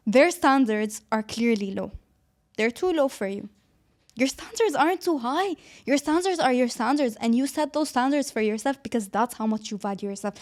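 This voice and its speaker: High-voiced emphatic young woman host. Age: 20s. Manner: emphatic and animated, sprinkles Arabic words. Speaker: podcast host. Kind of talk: casual solo podcast advice.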